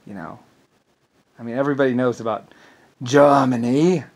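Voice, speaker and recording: Speaking at a normal speed with a medium-pitched voice, a male vlogger vents in an irate, meandering monologue. He swears throughout and repeats himself when he stumbles.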